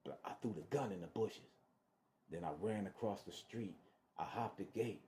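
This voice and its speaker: Deep-voiced man, casual storyteller, repeats himself and acts out the other voices. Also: moderate pace, a little hiss or hum. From Detroit. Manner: animated, acts out voices, restarts and repeats words. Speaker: storyteller sharing his testimony.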